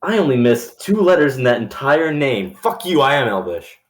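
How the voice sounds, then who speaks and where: A man's voice: medium pitch, sing-song, normal speed, echoey room. A man chatting casually as a player in a tabletop game, wry and joking. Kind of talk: casual chat.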